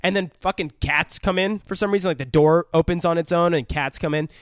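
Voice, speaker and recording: A man's voice: on the high side, brisk, no echo, studio quality. A man co-hosting a podcast, retelling a film scene by scene with lots of swearing and acted-out quotes. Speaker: podcast co-host. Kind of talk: casual film review chat.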